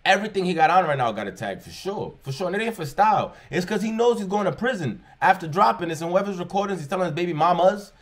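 A young man hosting a reaction video, talking casually and joking, sometimes jumping into loud, high bursts. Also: lively intonation, fast talker, hardly any pauses.

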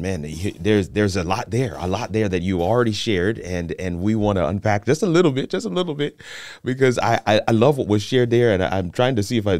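Deep-voiced host man, dry close sound. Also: dry recording. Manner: warm affirming, restarts and repeats words. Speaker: host pastor. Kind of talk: casual devotional discussion.

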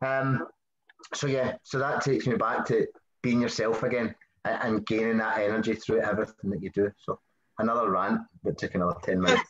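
A man's voice: on the low side, steady tone, brisk, a bit bright. A man with a Scottish accent, a podcast guest chatting casually, rambling and swearing freely. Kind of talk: casual conversation. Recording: roomy, dull lo-fi sound.

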